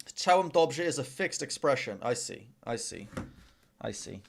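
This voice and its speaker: A young man learning a language in a casual lesson, hesitant, repeating phrases slowly as he practices. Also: medium pitch, big pitch swings, vocal fry.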